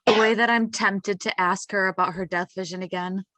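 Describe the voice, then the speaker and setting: A woman's voice: medium pitch, steady tone, normal speed, sharp tone, no room sound. A woman playing in a tabletop game, playfully narrating what her character does. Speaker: player. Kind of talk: tabletop roleplay chat.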